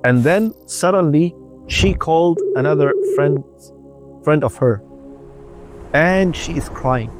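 Male preacher for a radio reminder; earnest storytelling in slow, broken-up phrases over faint background music. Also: a little high, lively intonation. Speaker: religious speaker.

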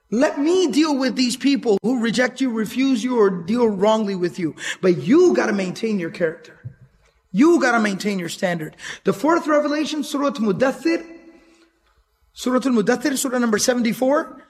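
High-voiced, fast-talking male Islamic teacher. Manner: earnest, emphatic, repeats key points, quotes Arabic verses quickly. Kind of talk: educational lecture on the seerah.

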